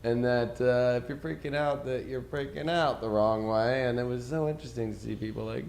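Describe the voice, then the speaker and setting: A man hosting a tarot show from a studio, chatting excitably and rambling, laughing and swearing. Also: mid-range voice, brisk, vocal fry, few pauses, noisy background. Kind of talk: casual chat with co-host.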